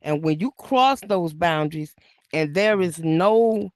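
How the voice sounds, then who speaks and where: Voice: medium pitch, expressive, slow, dry recording. Emphatic speaker repeating key phrases. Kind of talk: casual group discussion.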